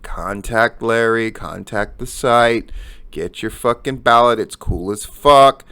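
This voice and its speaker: A man's voice: medium pitch, takes it slowly, clear, resonant tone. A middle-aged man, hosting a news and commentary show and ranting with heavy swearing. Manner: heavy swearing, emphatic and animated.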